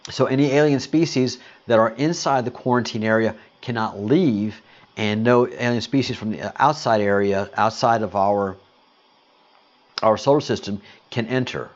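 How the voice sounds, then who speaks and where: A man's voice: on the low side, moderate pace, lo-fi sound. A man hosting a casual livestream, greeting viewers and answering chat comments in a rambling, hesitant way with lots of fillers. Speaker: livestream host.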